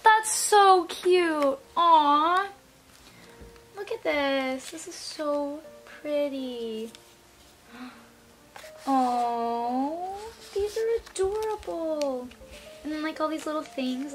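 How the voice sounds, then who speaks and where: Vlogger, young woman, high-pitched, unhurried, soft gushing delivery. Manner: gushing, gasping with delight. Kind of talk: unboxing vlog.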